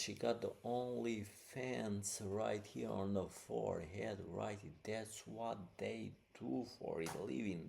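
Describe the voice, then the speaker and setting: A man's voice: fairly low pitch, slow, gravelly, hardly any pauses, dark tone, slight background noise. A man hosting a podcast, talking casually and rambling, with many fillers. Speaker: podcast host. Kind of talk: casual commentary.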